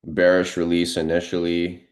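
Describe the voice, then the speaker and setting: Here a man with a deep voice, speaking at a moderate pace, riffs on the market during a live stream. His commentary is off the cuff and relaxed, full of "um"s as he thinks aloud.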